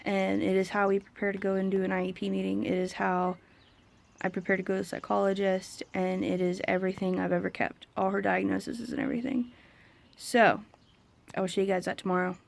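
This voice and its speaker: A woman's voice: mid-range voice, flat delivery, fairly quick, gravelly. A young woman, talking frankly and with exasperation to camera as a parent in a casual vlog. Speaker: vlogger, autism parent.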